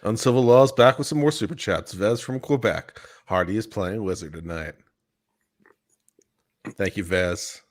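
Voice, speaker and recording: Deep-voiced male co-host, playful, tosses in "baby" asides. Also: measured pace, pauses often. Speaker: co-host reading super chats. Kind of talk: casual livestream chat.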